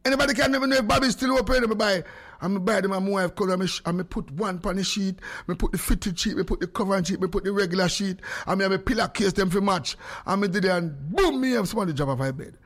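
A man's voice: high voice, fast, fairly bright tone. A man with a Jamaican accent hosting a live stream from his home studio, joking and teasing as he calls out to viewers by name. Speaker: livestream host.

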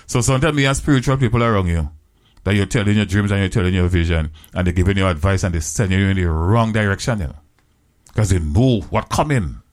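Retelling a Bible story in a sermon, this deep-voiced man uses plain, creole-tinged English. He leans on repeated phrases and draws out his scripture quotations slowly.

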